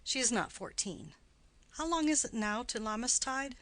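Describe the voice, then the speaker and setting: A woman reading the part of a garrulous, doting old nurse in an audiobook play, with her voice climbing high and loud as she rambles. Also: lively intonation, moderate pace, low-quality recording. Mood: rambling.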